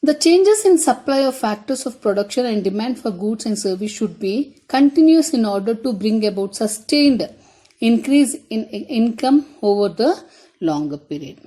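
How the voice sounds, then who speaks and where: Mellow-voiced woman teaching a class. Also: fairly high pitch, animated, moderate pace. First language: Tamil. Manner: repeats key points, addresses students directly. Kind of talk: classroom lecture.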